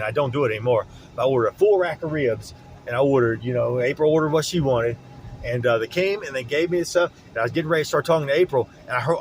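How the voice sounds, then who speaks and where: A man's voice: mid-range voice, a little hiss or hum, rough recording. A man, rambling and agitated as he talks to the camera from his car, repeating himself. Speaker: vlogger. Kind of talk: rambling monologue while driving. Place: in a car on city streets.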